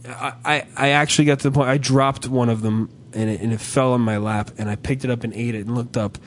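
A man's voice: mid-range voice, quick pace, slight background noise. Profane ranting man on a podcast. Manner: profane, ranting, animated storytelling. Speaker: podcast co-host. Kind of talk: casual comedic chat.

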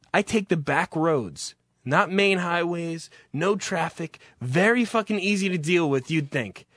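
Fed up guy ranting and cursing, high bright voice, dry sound. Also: no room sound. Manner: exasperated, heavy swearing. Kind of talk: profane comic rant.

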